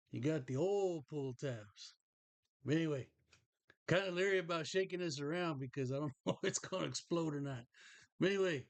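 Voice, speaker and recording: A man's voice: on the high side, no echo. A middle-aged man, hosting a podcast and telling a rambling, folksy story about a collectible. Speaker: podcast host. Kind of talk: casual show-and-tell chat.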